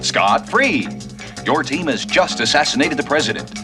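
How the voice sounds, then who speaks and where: A peppy game-ad announcer. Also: male voice, fairly high pitch, sing-song, normal speed. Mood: upbeat. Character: male board-game ad announcer. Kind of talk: mock commercial voice-over. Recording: film clip with music.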